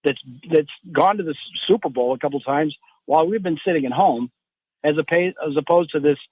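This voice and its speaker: Man, football reporter guest, slightly high voice, rambling restarts, dull dry line. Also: a little fast, no echo. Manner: rambling analysis with repeated restarts. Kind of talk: sports talk radio.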